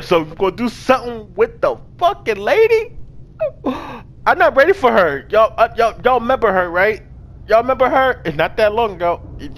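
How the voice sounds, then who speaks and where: A man giving casual, excitable let's-play commentary, swearing freely and talking to his viewers and the game's characters. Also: sits high. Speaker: gaming video host.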